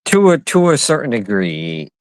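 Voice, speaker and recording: A man telling a story in casual talk, halting and restarting often. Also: mid-range voice, sing-song, no room sound. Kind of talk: casual chat.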